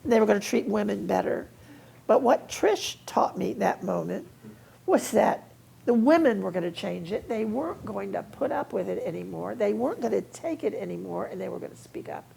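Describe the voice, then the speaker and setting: An older woman, a guest in a live onstage conversation, telling relaxed anecdotes and laughing now and then. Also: medium pitch, normal speed, vocal fry, slight background noise. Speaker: interview guest. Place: auditorium before an audience.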